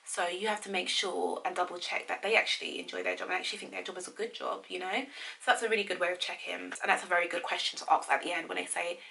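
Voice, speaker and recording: A woman, giving career advice in a casual vlog, blunt and animated, acting out bits of dialogue. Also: fairly low pitch, fast talker, creaky, poor audio. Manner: animated, acts out quoted interview lines; blunt and frank, swears casually.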